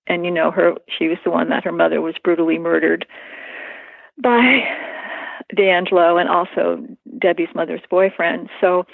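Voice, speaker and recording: A woman being interviewed, recalling personal events in a halting, earnest way with many fillers. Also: lowish voice, creaky, no echo. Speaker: interview guest. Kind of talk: emotional personal recollection. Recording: tinny phone line.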